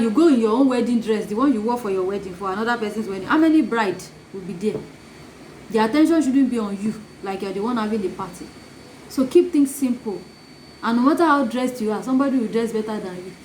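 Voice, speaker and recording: A woman giving a motivational talk, acting out little scenes of gossip as she teaches. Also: on the high side. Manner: animated, acts out gossip in asides. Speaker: life coach. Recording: echoey room, faint noise.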